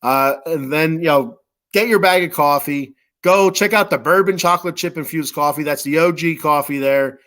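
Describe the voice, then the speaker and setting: A man's voice: fairly high pitch, moderate pace, a bit bright. A man hosting a sports podcast, reading sponsor ads in a rambling, joking way with lots of fillers. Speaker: podcast host. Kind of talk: casual sponsor reads.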